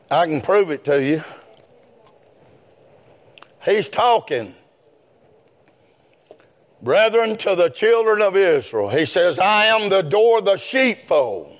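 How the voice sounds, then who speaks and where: A man preaching a sermon, rising into chanted shouts. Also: sits high.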